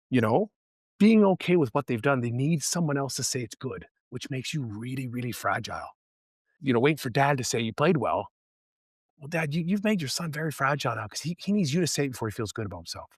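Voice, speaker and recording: A man's voice: mid-range voice, sing-song, brisk, husky, dry recording. Earnest middle-aged man, dry close sound. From Canada. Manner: earnest, emphatic, repeats words while thinking. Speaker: guest, high school football coach. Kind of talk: podcast interview, casual storytelling.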